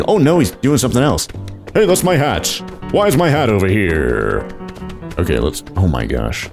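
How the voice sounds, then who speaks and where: A young man giving excitable, casual commentary while playing a video game, often exclaiming and laughing. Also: sits low. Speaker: let's play host.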